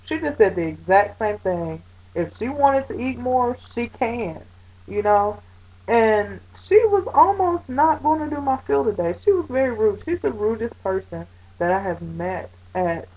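Woman vlogger, lowish mellow voice, chatty and animated, lo-fi webcam sound. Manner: chatty, frequent fillers; animated retelling. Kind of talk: casual talk to camera.

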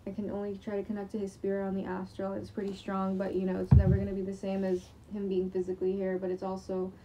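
Fast and completely flat, a young woman's medium-pitched voice rambles on in a late-night vlog monologue, recorded via her computer's screen capture in a room at home. She's sleep-deprived, swearing casually among many fillers and restarts, and the recording is very noisy.

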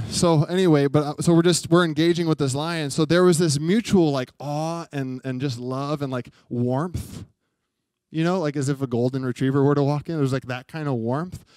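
A man's voice: fairly high pitch, steady tone, moderate pace, darkish tone, no room sound. A young adult man preaching a sermon, telling a story in a chatty way and often asking the congregation questions. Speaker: pastor. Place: church sanctuary.

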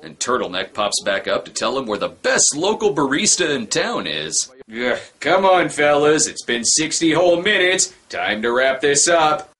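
A man's voice: fairly high pitch, sing-song, moderate pace, fairly bright tone, slightly rough. A man giving sarcastic, wisecracking comedic commentary on a movie he is reviewing. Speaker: film review host.

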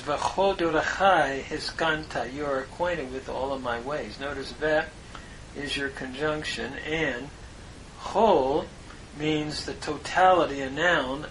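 A man lectures on grammar at a very slow, deliberate pace, his voice fairly high and bright. He pauses often with "uh" fillers while he works through each term. A faint low rumble sits under the recording. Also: rough recording. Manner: measured, pauses with many "uh" fillers, spells out Hebrew terms. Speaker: Hebrew grammar teacher.

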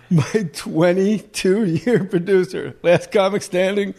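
A man's voice: high-pitched, slow pace, creaky, mellow. A man hosting a comedy podcast, talking in crude, joking, casual chat and laughing often. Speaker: podcast host.

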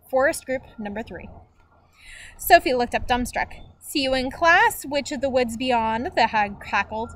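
Woman, high voice, reading a novel aloud, small slips and self-corrections, noisy recording with clicks. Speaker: book reader.

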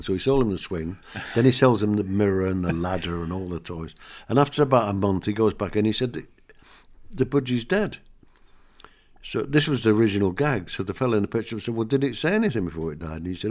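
A man's voice: lowish voice, quick pace, a little mellow. An older man, a comedian guest, chatting in an interview and telling anecdotes and jokes with frequent laughs. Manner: chatty storyteller, laughs often, acts out jokes.

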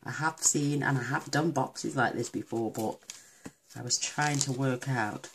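A woman's voice: a bass voice, unhurried, slight background noise. A woman from the UK demonstrating a papercraft project step by step, chatty and affectionate as she works. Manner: chatty and affectionate, talks while working. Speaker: craft demonstrator. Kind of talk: casual crafting tutorial.

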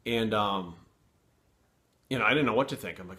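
A man's voice: lowish voice, moderate pace. A middle-aged man telling a rambling, profane personal story in a casual vlog. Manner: profane, rambling, animated retelling. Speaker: fitness channel host.

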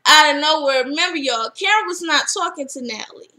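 Young female vlogger, high bright voice, animated recap, acts out quotes. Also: fairly quick, few pauses. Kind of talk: casual episode recap.

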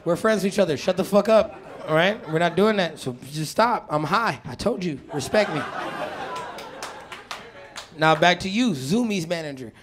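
A man from Atlanta doing a brash, cocky stand-up set, teasing the crowd. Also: sits high. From Atlanta, USA. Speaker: stand-up comedian. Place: comedy stage. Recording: live club with loud crowd and noise.

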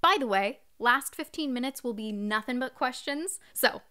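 A woman's voice: on the high side, animated, moderate pace, bright, forceful tone. A young adult woman vocal coach, chatting through a live-streamed singing lesson and singing short phrases to demonstrate.

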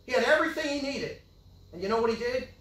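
An older man preaching a sermon with great passion, swinging from loud yelling to low mutters. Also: lively intonation, quick pace. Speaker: pastor. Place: church hall. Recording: echoey church hall, from far off.

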